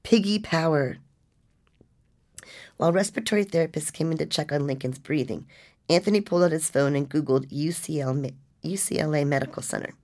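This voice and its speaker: A woman reading a nonfiction story as narrator, with a measured, restrained delivery. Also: deep voice, dark tone.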